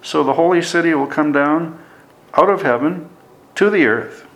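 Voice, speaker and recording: A man's voice: a little high, moderate pace, a bit bright, echoey room, low-quality recording. A middle-aged man preaching a sermon in a conversational Bible-teaching manner, with folksy asides.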